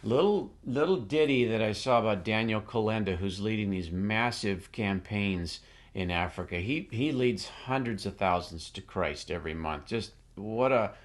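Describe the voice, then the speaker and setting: A middle-aged man hosting a casual Bible teaching show, animated and jokey, with quick asides and restarts. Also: lowish voice.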